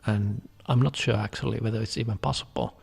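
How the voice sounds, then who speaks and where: Gravelly low-voiced man, reverberant. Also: steady tone, darkish tone. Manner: thoughtful, measured with fillers. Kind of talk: casual chat.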